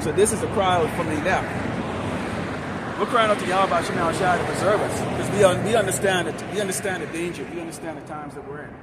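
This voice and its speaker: Loud confrontational male street preacher. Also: on the high side. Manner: loud, confrontational, crude insults. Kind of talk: fiery street sermon. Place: outdoors by a busy street. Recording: loud traffic noise outdoors. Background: loud traffic.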